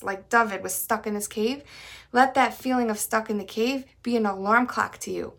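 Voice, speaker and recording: A woman's voice: a little high, a bit bright. A woman, teaching a weekly Psalms class in an earnest, conversational way, using Hebrew terms. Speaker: Torah teacher.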